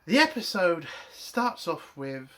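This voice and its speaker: Sharp-voiced man ranting in a review. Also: fairly high pitch, big pitch swings, slow pace. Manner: angry, profane ranting. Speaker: TV episode reviewer. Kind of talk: spoken TV review.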